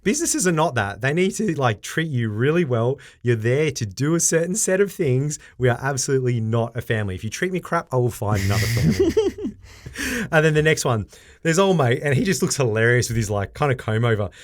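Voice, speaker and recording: A man co-hosting a casual podcast, who laughs often and acts out quotes in a raised, animated voice. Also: mid-range voice, brisk. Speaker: podcast co-host.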